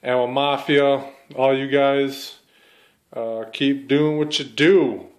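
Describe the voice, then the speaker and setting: A man's voice: medium pitch, flat delivery, slow, low-quality recording. A man hosting a casual unboxing vlog, talking in a laid-back, rambling way and swearing casually. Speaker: channel host.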